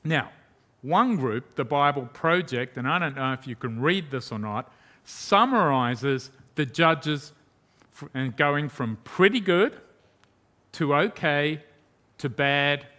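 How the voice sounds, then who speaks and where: A male preacher delivers a sermon with a bright, forceful edge to his voice. His pitch sits somewhat high for a man. He talks emphatically, throwing out rhetorical questions and dropping from loud to hushed. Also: animated, slow.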